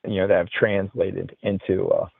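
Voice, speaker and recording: A deep, gravelly voice with a breathy edge and little pitch movement belongs to this interview guest, an outdoorsman and paranormal investigator. At a normal speed he rambles through a story packed with "you know," recorded dry over a tinny, phone-like line.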